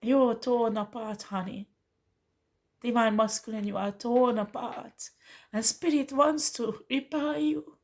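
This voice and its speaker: A woman's voice: on the high side, steady tone, takes it slowly. A woman giving an earnest, pleading tarot reading to the listener, calling them honey. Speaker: tarot reader. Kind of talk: spiritual tarot reading monologue.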